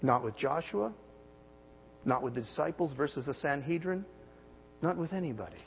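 A man in his forties preaching a sermon, emphatic, with big swings in pitch and loudness and many rhetorical questions. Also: lively intonation, normal speed, vocal fry. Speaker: pastor. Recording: dull sermon audio with long hall reverb and faint hum.

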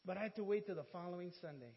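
A man preaching in a church and telling a personal story, animated and humorous, acting out conversations. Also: sits high, very fast. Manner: animated, acts out dialogue with humor. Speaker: pastor. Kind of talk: sermon storytelling. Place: church sanctuary. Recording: dull, reverberant church audio.

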